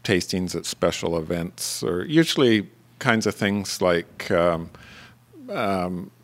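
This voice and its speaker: A man, a guest on a radio interview, talking casually with many pauses and restarts. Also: low-pitched, expressive. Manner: hesitant, many fillers and restarts. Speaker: guest, cheese producer.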